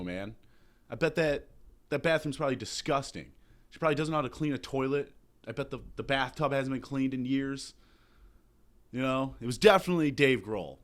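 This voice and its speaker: A young man hosting a comedy podcast, ranting loudly and profanely in mock outrage, hungover. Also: medium pitch. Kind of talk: satirical comedy rant.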